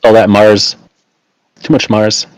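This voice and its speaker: A man's voice: lowish voice, level tone, slow, no echo, rough recording. A man co-hosting a casual hobby chat, dropping dry, teasing one-liners. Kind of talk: casual chat while assembling miniatures.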